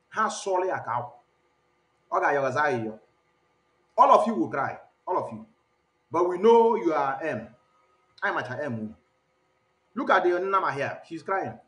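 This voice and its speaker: A man's voice: high-pitched, expressive, normal speed, pauses often, fairly bright tone, roomy sound. A man hosting the show, mocking the clips he plays and switching between Igbo and English. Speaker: host. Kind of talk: commentary on played clips.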